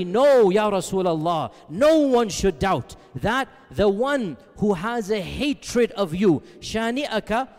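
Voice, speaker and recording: A man preaching a sermon, explaining Arabic terms and driving points home with emphatic repetition. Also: sits high. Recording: long reverb of a hall.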